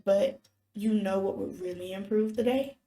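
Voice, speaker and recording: A woman's voice: medium pitch, moderate pace, dark tone, distant mic, natural voice. A woman voicing a friendly, eager young boy in a story game with a plain, cheerful reading, recorded with a roomy echo.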